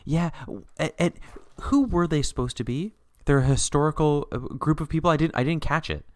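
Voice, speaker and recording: A man co-hosting a podcast, chatting about a TV miniseries in an animated way, laughing often with sudden upward jumps in pitch. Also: a little fast, no room sound. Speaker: podcast co-host. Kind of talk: casual chat recapping a TV miniseries.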